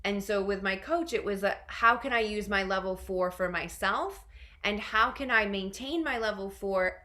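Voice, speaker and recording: Bright-voiced chatty woman coach. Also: mid-range voice, moderate pace. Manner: chatty, many fillers like "right?" and "like". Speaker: leadership coach. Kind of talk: answering a question in a webinar Q&A.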